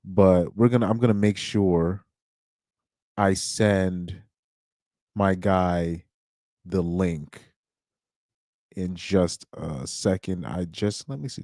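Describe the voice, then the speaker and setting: Male stream host, low-ish, dry close sound; loose, rambling chat with restarts and chuckles. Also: dark tone, no room sound. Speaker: livestream host. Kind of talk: casual livestream chat.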